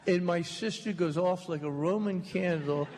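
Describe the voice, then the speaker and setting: An older author on a talk stage tells stories to a live audience in a large hall, slow, drawling, and joking. His voice sits high, with crowd noise and the hall's reverb and faint noise in the recording.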